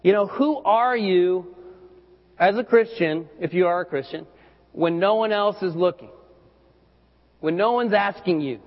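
A man's voice: high voice, unhurried, pauses often. A man pastor preaching a sermon in a loose, conversational way, often repeating words as he goes. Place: church hall. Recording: dull lo-fi recording with hall reverb.

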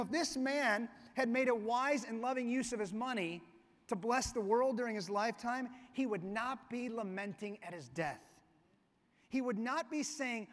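Male pastor, very high pitch, relaxed storytelling sermon, reverberant sanctuary. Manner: conversational, storytelling preaching. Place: church sanctuary. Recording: long reverb of a church hall.

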